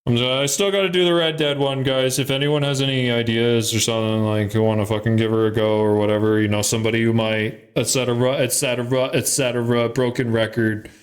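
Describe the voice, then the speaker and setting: A man's voice: medium pitch, brisk, few pauses. Man, podcast host, casual chat, profane, laughs a lot. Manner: loose, profane and animated, laughs often.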